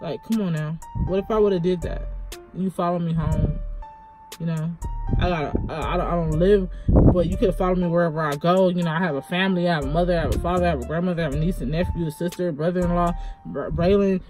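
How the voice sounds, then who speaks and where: A woman's voice: on the low side, fairly even intonation, quick pace, over music. Rambling woman telling a storytime. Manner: rambling, full of "like" and "you know". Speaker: vlogger. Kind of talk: storytime vlog, casual retelling.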